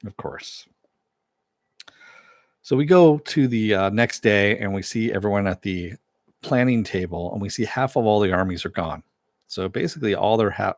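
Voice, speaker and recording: Low-voiced man recapping a show casually. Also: no room sound, clean studio sound. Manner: loose and chatty, retells scenes with swearing asides. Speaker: TV show reviewer.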